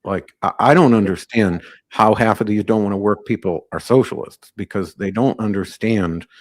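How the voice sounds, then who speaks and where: A man with a fairly low voice hosts a live call-in podcast. He rambles loosely from one aside to the next in a brash, joking tone. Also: moderate pace. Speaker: podcast host.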